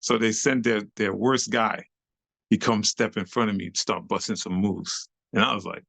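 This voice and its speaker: Gravelly New man telling stories. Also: mid-range voice, normal speed, pushed and bright, dry recording. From New York City. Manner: slangy, acts out the voices of people in his story. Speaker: interview guest, club dancer. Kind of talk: animated storytelling.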